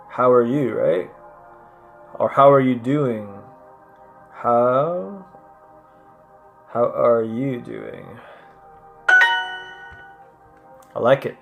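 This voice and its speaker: Casual vlogger voice, unhurried, self-questioning, echoes each French phrase; faint music underneath. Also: medium pitch, creaky, lo-fi sound. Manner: repeats French phrases aloud and thinks out loud. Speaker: language learner vlogger. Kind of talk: casual chat while doing app lessons.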